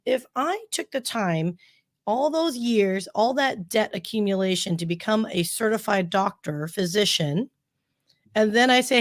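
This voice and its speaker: A woman's voice: medium pitch, animated, unhurried. A woman hosting a podcast interview, asking long, rambling questions in a bubbly, laughing manner. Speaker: podcast host. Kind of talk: casual interview chat.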